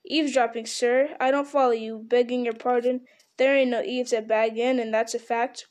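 A woman's voice: fairly high pitch, fairly even intonation, normal speed, a little mellow, natural voice. A woman voicing an anxious, devoted young male hobbit gardener who speaks in a rustic, humble way, calling everyone sir. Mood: flustered.

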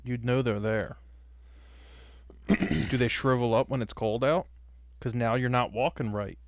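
Give me a profane, teasing podcast co-host, mid pitch, dry studio sound. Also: male voice, unhurried, no echo. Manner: profane, teasing, jumps into a breathy put-on voice. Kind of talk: crude casual banter. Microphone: studio mic on a stand.

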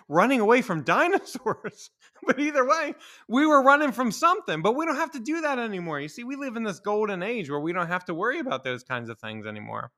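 A man's voice: high voice, bright, forceful tone. A young man hosting a solo podcast, ranting with opinions, swearing a lot and laughing as he talks. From Maryland. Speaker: podcast host.

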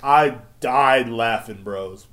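A man hosting his own podcast, ranting in a profane, slangy, animated way. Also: mid-range voice, slow pace. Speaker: podcast host. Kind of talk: profane solo podcast rant. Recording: roomy echo.

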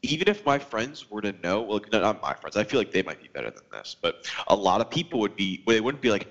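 A man's voice: fairly low pitch, sing-song, a little fast, dull audio. A teenage boy as a podcast guest, giving his opinions in casual chat and working through examples. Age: teens.

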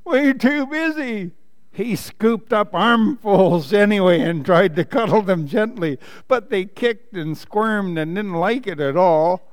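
A man, a pastor, reading a children's story aloud during a sermon, animated and playful with laughing asides. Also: high voice, a little slow, hardly any pauses, big-room sound.

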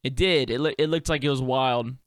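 Brisk and medium-pitched, this young man's voice comes through a dry, studio-quality recording. A podcast host who also tours as a performer, he delivers a rambling solo monologue, musing in a relaxed, profane way thick with slang and fillers.

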